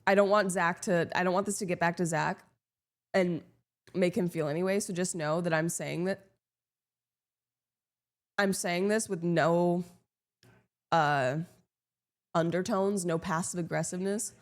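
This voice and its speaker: A young woman live streaming, chatting casually with her viewers in a sarcastic, deadpan, teasing way. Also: fairly low pitch, measured pace, pauses often.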